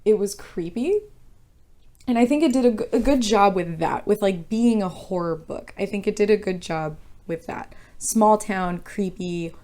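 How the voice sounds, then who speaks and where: A woman's voice: medium pitch, normal speed, warm tone. A young woman casually ranting about a book she reviews, frank and exasperated, swearing freely and rambling.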